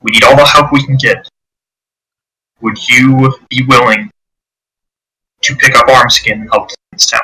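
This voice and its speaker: A man voicing an anxious town governor who speaks in a hurried, hushed and pleading way. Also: mid-range voice, steady tone, slightly rough, poor audio. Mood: grave.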